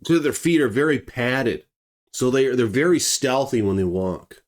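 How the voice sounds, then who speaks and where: A man telling a true story in a casual, animated way, swearing and acting out the scenes. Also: mid-range voice, moderate pace.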